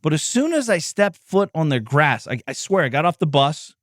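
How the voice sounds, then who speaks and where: Middle-aged male podcast host, motivational rant, yells and swears, bright forceful voice, dry close sound. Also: on the high side, big pitch swings, normal speed, dry recording. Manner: intense, profane, yelling. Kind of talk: motivational monologue.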